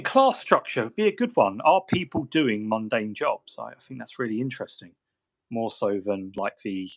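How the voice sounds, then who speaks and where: A man hosting a hobby chat, rambling and joking with lots of restarts and asides as he works at his desk. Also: mid-range voice. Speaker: hobby stream host. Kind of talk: casual chat while model painting.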